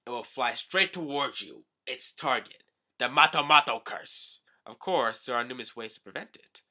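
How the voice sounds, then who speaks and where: Creepy stalker pirate voiced by a man, gloating, sharp bright tone. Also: medium pitch, lively intonation, normal speed, exaggerated voice.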